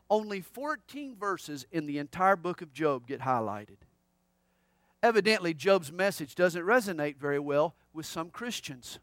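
A pastor preaching an expository sermon, emphatic and conversational with humorous asides. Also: male voice, high voice, a bit bright, no room sound, clean studio sound.

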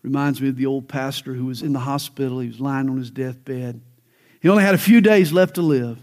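A man's voice: medium pitch, brisk, a little mellow. A male pastor preaching a sermon, telling jokes and stories, then building to fervent emphasis.

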